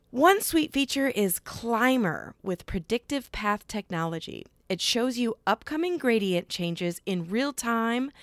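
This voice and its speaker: A woman hosting a podcast, reading a scripted sponsor message in a smooth, upbeat way. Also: fairly high pitch, dry recording. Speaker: podcast host. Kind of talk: scripted ad read.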